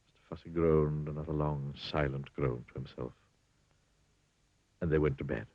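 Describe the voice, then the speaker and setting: A man's voice: a bass voice, steady tone, normal speed, long pauses, dry recording. A man reading a children's story in a dry, wry storybook manner. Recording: dull lo-fi dry recording.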